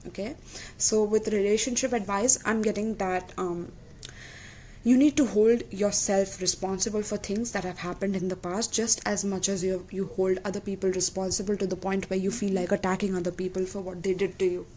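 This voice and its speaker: A woman's voice: medium pitch, steady tone, normal speed. Earnest woman tarot reader, faint noise. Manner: warm, repeatedly checks in with "okay?" and "my loves"; gentle, emotional and earnest. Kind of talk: tarot reading to camera.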